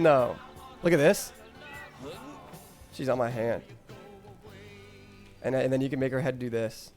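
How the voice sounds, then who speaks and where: A man's voice: medium pitch, a little mellow. Rambling, stammering male streamer. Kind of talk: crude casual stream chat.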